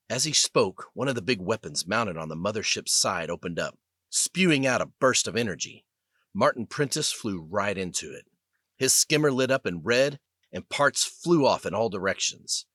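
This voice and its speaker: Lively male audiobook narrator. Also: on the low side, moderate pace, dry recording, clean studio sound. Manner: expressive, lively reading. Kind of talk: scripted narration.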